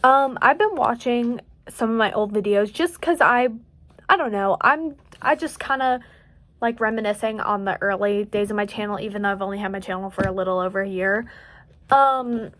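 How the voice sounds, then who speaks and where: A woman's voice: medium pitch, normal speed, a bit bright. Chatty eighteen-year-old woman, light country twang. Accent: light Southern US country. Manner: rambling, chatty, self-joking. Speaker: crochet vlogger. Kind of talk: casual late-night vlog chat. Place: at home.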